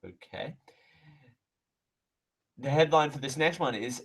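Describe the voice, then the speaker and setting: A man's voice: medium pitch, slow, long pauses, breathy edge, poor audio. A man hosting a live radio show from a studio mic, rambling and correcting himself with sarcastic asides. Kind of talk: live radio talk, reading mail aloud. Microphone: close studio microphone.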